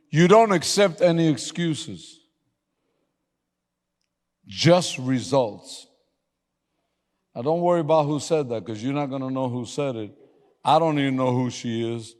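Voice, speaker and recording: A man preaching a sermon as pastor, telling lively stories, laughing and suddenly yelling for emphasis. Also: a little high, moderate pace. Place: church sanctuary. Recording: long hall reverb.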